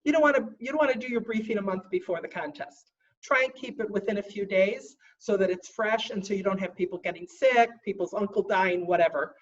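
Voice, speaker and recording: A woman's voice: medium pitch, distant mic, lo-fi sound. Fussy woman giving an emphatic training briefing. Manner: emphatic, slows down to stress points; self-described fussy stickler. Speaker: contest trainer.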